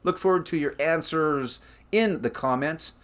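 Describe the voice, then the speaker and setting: A man's voice: a little high, a little slow, a bit bright. A Canadian man hosting his own record-collecting vlog, chatting casually with rambling asides about the albums he shows. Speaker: record collector channel host.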